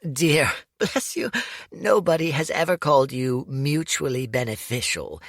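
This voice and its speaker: A man's voice: expressive, unhurried, no room sound, clean studio sound. A male narrator voicing a shrewd, scolding old woman warlord in a raised, older-sounding voice, as an audiobook character. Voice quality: higher, scolding old-lady voice.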